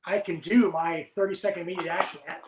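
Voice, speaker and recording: A man, a former submarine officer, telling lively stories as a podcast guest and laughing often. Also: high voice, quick pace, roomy sound, background noise. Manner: animated storyteller, laughs while telling. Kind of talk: storytelling in casual podcast chat.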